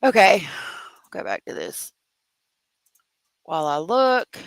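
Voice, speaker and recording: A woman hosting a casual true crime livestream. She talks slowly, chats away and laughs often. The sound is close and dry, with no room echo. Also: mid-range voice, wildly swooping pitch, vocal fry. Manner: chatty, laughs often, drawn-out exclamations. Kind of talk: casual livestream chat reading comments.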